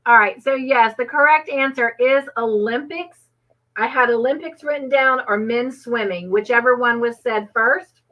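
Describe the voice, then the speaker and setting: Speaking unhurriedly in a fairly high voice, a woman runs a laid-back trivia livestream from her home. The audio is dull and lo-fi, and she chats away, laughing a lot and thanking viewers by reading their names from chat.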